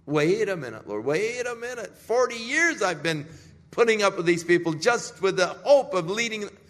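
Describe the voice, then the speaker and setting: A man's voice: high-pitched, lively intonation, moderate pace, a bit bright, voice pushed up. A man voicing an exasperated old male prophet who pleads in a raised voice, in a sermon retelling. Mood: pleading. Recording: echoey hall.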